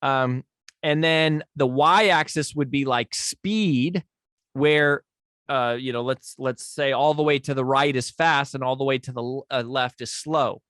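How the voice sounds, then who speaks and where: A man's voice: mid-range voice, a little slow, fairly bright tone, no echo, studio quality. A male podcast host explaining a speaking technique in a conversational teaching manner, often checking in with his listeners.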